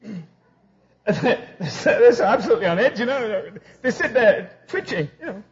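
High, lively preacher man on a dull recording. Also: unhurried. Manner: storytelling, acting out both sides of conversations. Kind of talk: humorous sermon.

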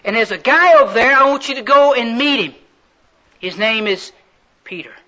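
A homespun angel messenger who drawls in a southern way, acted out by a male preacher. The voice sits very high for a man. The recording is a little muffled and dull. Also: expressive, moderate pace, sharp tone, full character voice. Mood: folksy.

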